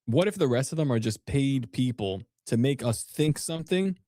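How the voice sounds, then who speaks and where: Brief: male co-host, mid-low voice, playful and musing, dry close mic. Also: lively intonation, warm tone, dry recording. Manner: joking, speculative, quick to laugh. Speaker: podcast co-host. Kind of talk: casual chat.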